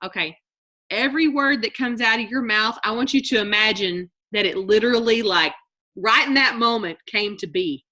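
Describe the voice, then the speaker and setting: A woman giving a live online workshop talk over a video call, animated and acting out everyday complaints in mock voices. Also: a little high, moderate pace. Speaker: motivational speaker.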